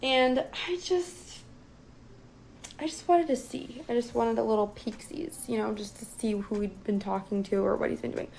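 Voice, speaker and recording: A young woman telling a personal story as a guest in a casual, profane, animated way. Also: a little high, moderate pace, vocal fry, slight background noise, low-quality recording.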